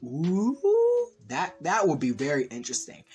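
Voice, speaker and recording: A man casually recapping and reviewing a TV episode, rambling with lots of "like" and excited fan enthusiasm. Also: mid-range voice, moderate pace, faint music behind. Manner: rambling, heavy use of "like". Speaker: TV series reviewer.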